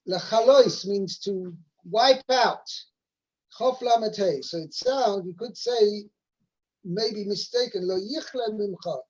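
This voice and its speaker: A man teaching a weekly Torah portion over a video call, halting with fillers and restarts as he quotes Hebrew verses. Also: sits high, darkish tone. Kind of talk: explaining a weekly Torah text. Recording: muffled video call audio.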